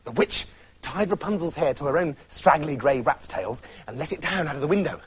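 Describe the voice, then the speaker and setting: A man's voice: fairly high pitch, animated, brisk. A man narrating a comic fairy tale in a playful, theatrical way. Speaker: storyteller.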